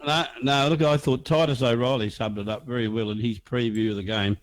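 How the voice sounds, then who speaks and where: A man's voice: medium pitch, steady tone, a little fast, dry recording. An Australian man co-hosting a casual sports podcast, blunt and scornful, often restarting his sentences. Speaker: podcast co-host.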